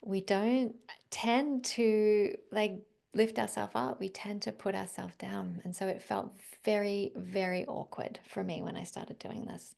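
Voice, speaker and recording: A middle-aged woman with an Australian accent, a psychologist speaking as a podcast guest, gentle and reflective, often dropping to a near-whisper. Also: mid-range voice, fairly even intonation, unhurried, creaky. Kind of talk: conversational podcast interview.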